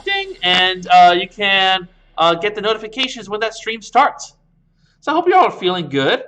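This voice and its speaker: Bright, chatty theater livestream host. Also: medium pitch, big pitch swings, normal speed. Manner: easygoing, chatty, plugging classes. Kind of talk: casual livestream intro. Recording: stream with faint music.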